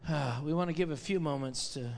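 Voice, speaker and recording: A fervent male pastor preaches in a church, his voice set a little high for a man and pushing up into loud declarations. A long hall reverb trails his words, and soft music plays underneath. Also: a little fast. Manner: fervent, rising to loud exclamations. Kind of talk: charismatic sermon. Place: church sanctuary.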